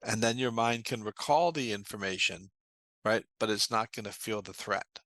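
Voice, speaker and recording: A man's voice: on the low side, normal speed, fairly bright tone, no echo. A man being interviewed as a trauma therapist, explaining earnestly and telling anecdotes in a conversational way.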